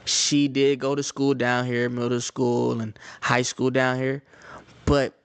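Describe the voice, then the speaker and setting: A man's voice: mid-range voice, flat delivery, slow, smooth, no echo. A young man from Atlanta with a Southern Atlanta accent, telling stories casually to his viewers, repeating phrases and slipping into slang. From Atlanta, Georgia, US. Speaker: vlogger. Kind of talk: casual storytelling to camera.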